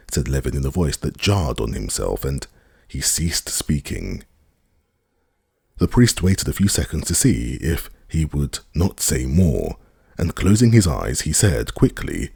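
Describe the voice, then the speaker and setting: A man reading an audiobook as narrator, with measured storytelling into a close studio mic. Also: a bass voice, big pitch swings, creaky, a little mellow, breathy edge.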